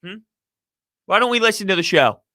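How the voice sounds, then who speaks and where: A man's voice: high voice, fairly quick. A man hosting a live sports talk stream, reading viewer comments and giving heated, opinionated takes. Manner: animated, opinionated ranting.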